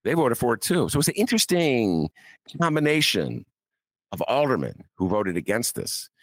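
A man's voice: sits low, creaky, dry recording. A man hosting a talk show, riffing with mock outrage and laughter. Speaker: podcast host. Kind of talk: casual political commentary.

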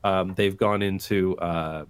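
A man who makes urban design videos on YouTube is an interview guest, talking at length in a casual, chatty way and often restarting his sentences. His voice is low, steady, clear, and resonant, and he takes his time. There is no echo.

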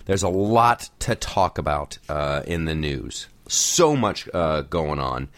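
A man's voice: very deep voice, very animated, slow, fairly bright tone, no room sound. A man hosting a comedic podcast, rambling in casual chat with many fillers and joking asides. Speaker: podcast host. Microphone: studio mic across a table.

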